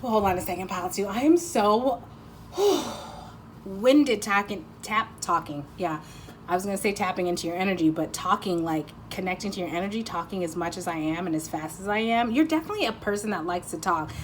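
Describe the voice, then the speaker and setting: A woman's voice: mid-range voice, lively intonation, fairly quick, a little hiss or hum. A woman giving a casual pick-a-card tarot reading, rambling and teasing, often breaking into laughter.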